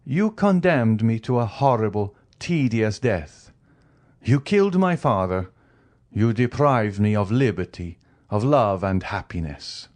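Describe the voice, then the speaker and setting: A man voicing a cold, vengeful man returned from prison, speaking in a measured, solemn way. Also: fairly low pitch, expressive, a little mellow. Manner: measured, solemn, slow delivery.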